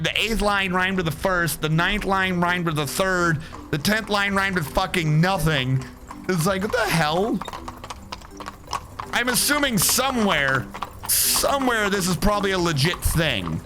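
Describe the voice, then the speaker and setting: A man's voice: sits high, lively intonation, unhurried, music in the background. A man casually commenting on his game as he plays, reading its text aloud with sarcastic, swearing asides. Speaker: streamer playing a strategy game. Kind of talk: casual let's play commentary.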